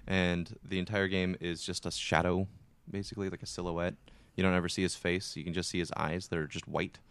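A man on a gaming podcast, telling a game story in an animated way, with lots of swearing and acted-out reactions. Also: low-pitched, a little fast, clean tone, dry recording. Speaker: podcast co-host. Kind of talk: casual gaming chat.

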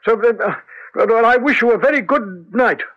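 An actor playing Doctor Watson, a flustered, stammering middle-aged doctor, in 1940s radio acting style on a lo-fi old radio recording. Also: male voice, very high-pitched, normal speed, faint music behind. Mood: irritated. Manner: hesitant, stammering, clears throat often.

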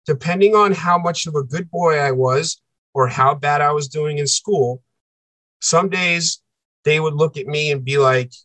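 A man with a slightly high voice tells a personal story as a podcast guest. He talks intensely, circles back to repeat phrases and acts out the voices of the people in the story. The recording is close and dry. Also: measured pace, a bit bright, no echo.

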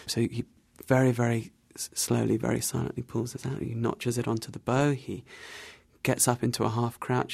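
A man interviewed about his travels, telling his story in an animated, wry way and laughing at himself. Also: medium pitch, gravelly, no room sound, clean studio sound. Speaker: interview guest.

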